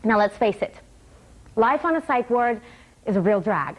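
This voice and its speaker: A woman's voice: on the high side, sing-song, moderate pace, pauses often, highs cut off, crowd noise. A woman performing a wry one-woman comedy show on a small theater stage, laughing between lines.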